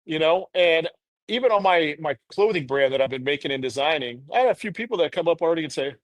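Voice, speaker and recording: A man's voice: on the high side, expressive, fast, dry recording. A man in his thirties, a podcast guest, telling a candid personal story in an earnest, rambling way full of "you know".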